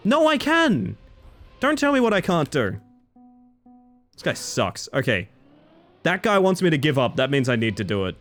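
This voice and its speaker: A man's voice: medium pitch, very animated, normal speed, pauses often, a bit bright, faint music behind. A man streaming a racing game, chatting and joking with his viewers as he plays. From Isle of Man and Australia. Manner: chatty, jokey, reacting to chat. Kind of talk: casual gaming commentary.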